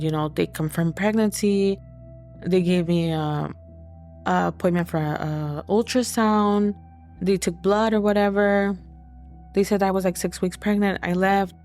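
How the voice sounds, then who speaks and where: A young adult woman telling her own life story in a halting, hesitant way, full of fillers. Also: lowish voice, a little mellow. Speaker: podcast guest sharing her story. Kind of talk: personal testimony.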